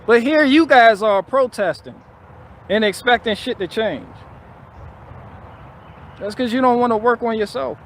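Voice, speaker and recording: A man's voice: extremely high pitch, unhurried, long pauses. A man ranting profanely and bluntly on a live stream, circling back over his phrases. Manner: repetitive, restarting phrases. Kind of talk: casual live-stream rant.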